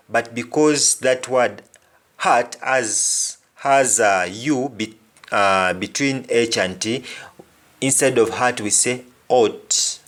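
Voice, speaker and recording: A man teaching a language lesson at an unhurried, measured pace, pausing between phrases. He speaks deliberately and says each example twice so it sinks in. His pitch sits in an ordinary middle range for a man. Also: a bit bright.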